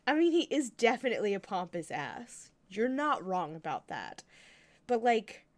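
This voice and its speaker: A woman's voice: mid-range voice, very animated, moderate pace. A young woman streaming a game playthrough, giggly and self-deprecating about her voices. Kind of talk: live game playthrough with voice acting. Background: game music.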